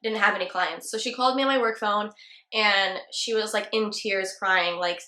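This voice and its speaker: Chatty young hairstylist girl telling a story, bright voice, roomy echo. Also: mid-range voice, a little fast. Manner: chatty, lots of "like" fillers. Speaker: hairstylist and channel host. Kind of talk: casual storytime.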